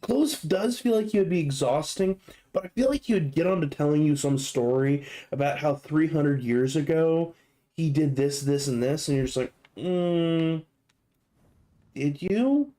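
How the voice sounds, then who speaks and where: A man's voice: fairly high pitch, normal speed, mellow. A young man hosting a gaming video, riffing in a rambling, profane, joking way. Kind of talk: casual comedic commentary.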